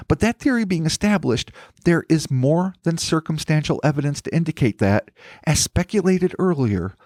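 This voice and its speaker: A man's voice: on the high side, a little mellow, no echo, studio quality. A man hosting a podcast, reading a scripted mystery story with wry, theatrical flourishes. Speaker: podcast host. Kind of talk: scripted narration with banter.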